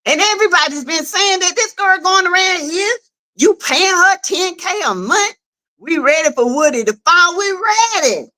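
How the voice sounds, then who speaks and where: A woman with a Southern US accent giving animated, casual livestream commentary on a web skit series, talking straight to viewers. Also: extremely high pitch, normal speed. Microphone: streaming setup.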